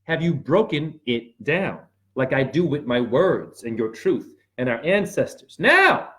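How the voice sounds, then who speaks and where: Excitable man with a lively voice. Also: mid-range voice, measured pace. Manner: excitable, sudden yelps and shouts; addresses viewers directly with frequent "right?". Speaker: spiritual video host. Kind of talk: rambling motivational monologue.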